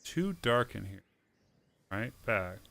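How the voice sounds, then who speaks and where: A man reading a story game's text aloud and commenting casually as he plays, halting and stumbling now and then. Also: on the low side, big pitch swings, vocal fry, a bit bright. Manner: halting, with fillers and small misreadings. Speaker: let's play host.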